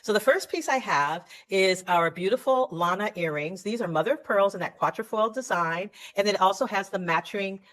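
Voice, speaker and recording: A woman's voice: mid-range voice, animated, fairly quick, hardly any pauses, fairly bright tone. A woman showing jewelry pieces to viewers in a chatty, enthusiastic way, often correcting herself as she goes. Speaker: jewelry seller. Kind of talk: live product showcase.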